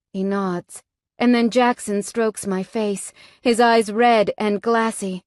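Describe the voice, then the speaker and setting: A woman reads a first-person romance audiobook with tense drama. She takes her time, and her voice is dry and close with no room sound. Her pitch sits mid-range. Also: fairly even intonation, takes it slowly, darkish tone, dry recording. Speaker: audiobook narrator.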